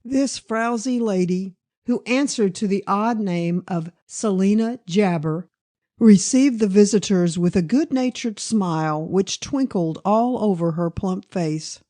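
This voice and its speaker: A woman narrating a classic crime novel in a measured, even storytelling manner. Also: medium pitch. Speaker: audiobook narrator. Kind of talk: scripted narration.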